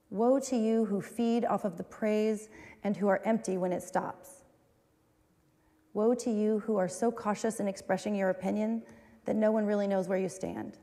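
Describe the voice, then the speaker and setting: Her warm, mellow, medium-pitched voice echoes with long reverb through a big church hall as this woman pastor delivers her sermon. She alternates between solemn recitation and frank, self-mocking conversational remarks.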